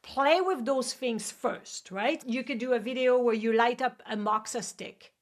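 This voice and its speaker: A woman with a French accent hosting a show and coaching guests, energetic and often checking in with "right?". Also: fairly high pitch, measured pace. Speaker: host and acupuncture coach. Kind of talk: coaching advice in a video call show.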